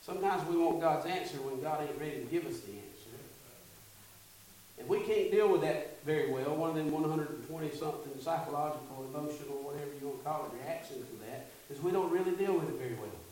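A man's voice: fairly high pitch, fast talker, darkish tone, slight background noise. A male pastor preaching a sermon in call-and-response style, building to fervent peaks. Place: church sanctuary. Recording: echoey sanctuary from a distance.

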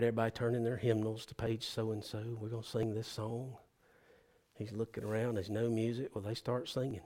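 A man, a pastor telling a story in a sermon and acting out its people with sudden loud, high bursts.

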